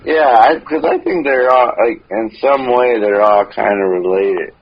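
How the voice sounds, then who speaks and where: A man co-hosting a podcast in casual chat, hesitant and halting, at times reading aloud from a book. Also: mid-range voice, muffled recording. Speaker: podcast co-host.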